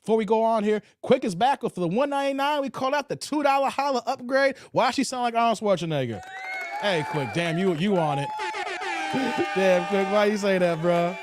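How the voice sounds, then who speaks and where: A man's voice: high-pitched, normal speed, dry recording, faint music behind. A man hosting a live reaction stream, giving his take on clips, laughing and reading out comments from chat. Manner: animated, laughing, talks to chat and reads out comments.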